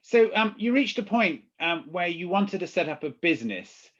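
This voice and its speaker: A British man with a slightly high voice hosts a conversation, feeling his way through his questions with many hesitations. The recording sounds dull and lo-fi. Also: sing-song, normal speed, a bit bright. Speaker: interviewer. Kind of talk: conversational interview. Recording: dull lo-fi audio.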